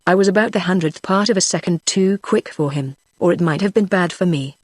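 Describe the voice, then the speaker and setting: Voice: mid-range voice, a little fast, no room sound, clean studio sound, lightly acted. A text-to-speech voice reading the lines of a young male frontier hunter who speaks in an earnest, rustic backwoods dialect. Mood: solemn. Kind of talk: synthetic audiobook reading.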